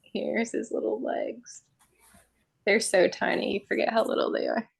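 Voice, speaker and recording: A woman on a casual group video call, a new mother talking softly and relaxed. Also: mid-range voice, moderate pace, gravelly, breathy edge.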